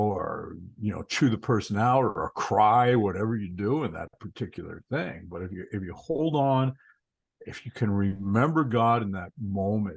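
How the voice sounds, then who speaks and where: A low, gravelly male voice with a husky edge, talking casually about spiritual practice. He tells stories in a loose, conversational way and often repeats words as he thinks. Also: poor audio. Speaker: spiritual teacher.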